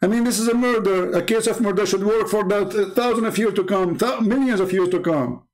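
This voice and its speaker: A man hosting a livestream with a fairly high voice. He talks in a mocking, sarcastic way and leans hard on his emphasis. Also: brisk. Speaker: host. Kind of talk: livestream commentary.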